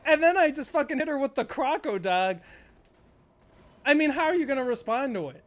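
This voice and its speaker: High-voiced young man, profane and rambling. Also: animated, brisk. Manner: rambling, profane, laughs often. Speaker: streamer. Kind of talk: casual gameplay chat.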